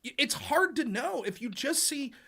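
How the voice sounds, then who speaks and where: A man hosting a political livestream, with an animated, loose and casual delivery. His voice is bright and swings widely in pitch as he acts out quotes. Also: moderate pace. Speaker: livestream host. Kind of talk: political talk.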